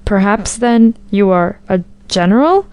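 A woman's voice: mid-range voice, animated, normal speed, darkish tone, natural voice. A woman voicing a chatty young male soldier who boasts and then grows frightened, in a storybook reading. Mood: alarmed.

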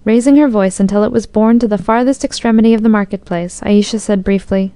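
A woman narrating a storybook in a measured, expressive reading. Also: mid-range voice, clean tone, no echo.

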